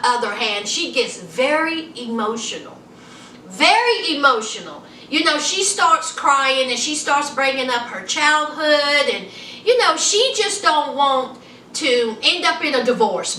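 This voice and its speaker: A woman with a high, bright voice swooping all over as she gossips through a show recap with sassy asides to her viewers. She sits a bit back from the mic in an echoey room with a faint hiss behind her. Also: animated, unhurried, far from the mic. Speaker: TV show reviewer. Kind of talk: casual chatty recap.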